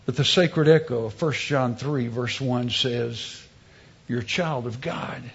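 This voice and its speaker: A man's voice: medium pitch, a little slow, vocal fry, husky, muffled recording. A middle-aged male pastor preaching a sermon, mixing scripture with humorous personal stories. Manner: storytelling with humor, emphatic preaching.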